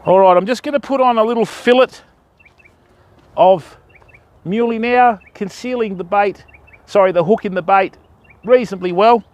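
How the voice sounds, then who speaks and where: A man's voice: high-pitched, normal speed, pauses often, a little mellow. A young man with an Australian accent, chatting and joking his way through a live fishing stream outdoors by a river. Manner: joking, matey banter. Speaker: fishing vlogger.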